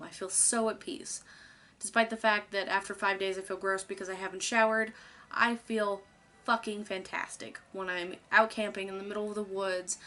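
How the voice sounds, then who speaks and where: A woman's voice: mid-range voice, a bit bright. A young woman YouTuber talking casually to camera, chatty and rambling, candid and loose, swearing now and then.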